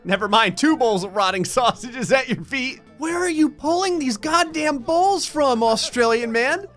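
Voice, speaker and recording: A man giving comedic, sarcastic commentary while playing a life-sim game, swinging from shrieking excitement to a low menacing mutter. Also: a little slow, faint music behind. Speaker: gaming commentator. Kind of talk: comedic let's play commentary.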